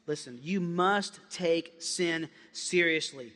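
A male pastor preaching a sermon with passion, dropping to hushed tones and then building up loud. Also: on the high side, slow. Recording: long hall reverb.

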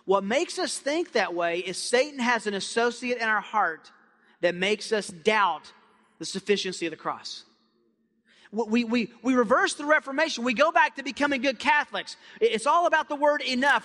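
A male pastor preaching a sermon with passion, dropping to hushed tones and then building up loud. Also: high voice, brisk. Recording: long hall reverb.

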